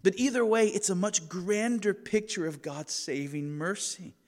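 Earnest preacher man in a reverberant hall. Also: high voice. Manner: earnest, deliberate teaching with emphatic stresses. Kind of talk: expository sermon.

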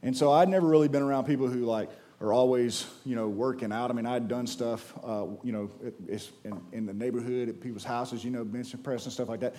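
A young man preaching a sermon in an animated, conversational way, acting out the voices of the people in his stories. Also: medium pitch, a little fast, hardly any pauses. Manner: animated, conversational, acts out quotes.

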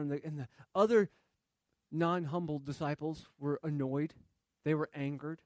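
A man's voice: fairly high pitch, no echo, studio quality. A man preaching a sermon in a conversational way, reading scripture and asking rhetorical questions. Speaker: pastor.

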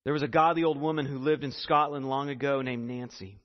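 A man's voice: mid-range voice, steady tone, a little fast. Earnest male pastor in a reverberant hall. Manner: earnest, building to emphasis, then hushed prayer. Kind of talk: sermon. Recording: dull recording with long hall reverb.

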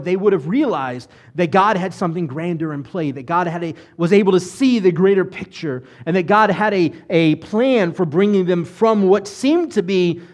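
A man, a rabbi, preaching a conversational sermon full of rhetorical questions and animated retellings. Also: high voice.

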